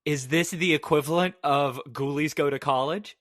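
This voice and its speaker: A man co-hosting a podcast, bantering in casual chat with quick jokes. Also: fairly high pitch, fairly bright tone, no room sound, clean studio sound. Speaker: podcast co-host.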